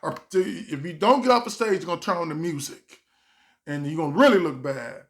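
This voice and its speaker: A man telling a personal story as a stand-up comedian, animated and acting out the voices of the people in it. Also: on the high side, normal speed, vocal fry. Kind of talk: storytime monologue.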